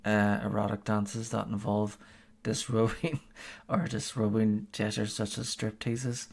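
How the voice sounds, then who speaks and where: A man's voice: lowish voice, flat delivery, unhurried, vocal fry. A man streaming a game, chatting casually and reading a policy aloud, hesitant with many fillers and frequent chuckles.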